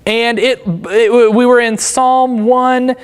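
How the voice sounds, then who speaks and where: A church teacher walks through a Bible study lesson in a relaxed, conversational way, pausing often to check that the room is following. The voice sits at a middle pitch and carries a long reverb from a large church hall. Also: clear, resonant tone. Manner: casual, checks in often with "all right?". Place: church auditorium.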